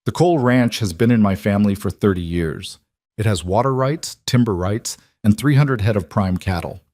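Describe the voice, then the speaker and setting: A man's voice: on the low side, normal speed, darkish tone, no echo, studio quality, lightly acted. A man doing a firm young ranch woman. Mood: defiant. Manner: firm, clipped and precise.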